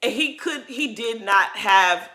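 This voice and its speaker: A woman's voice: on the high side, lively intonation, slow pace, sharp tone. A woman giving a casual, emphatic recap of a reality show, laughing often as she talks. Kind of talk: casual commentary.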